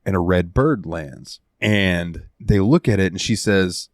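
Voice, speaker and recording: A man hosting a casual podcast, recounting a game's ending with animated, heartfelt storytelling and some swearing. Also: low-pitched, unhurried, few pauses, no room sound, studio quality. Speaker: podcast host. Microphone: studio headset mic.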